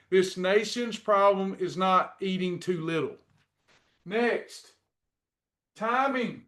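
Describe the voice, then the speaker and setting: Teaching his class a faith-based lesson on losing weight, this middle-aged coach of a weight-loss program sounds high-pitched and a bit bright. His encouragement comes across as preachy and repetitive.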